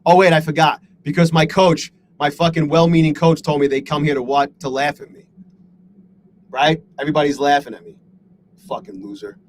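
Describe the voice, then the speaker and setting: A man's voice: a little high, flat delivery, fairly quick, a little hiss or hum, low-quality recording. A man live-streaming his day trading, talking to his chat in a frustrated, self-deprecating way and swearing a lot.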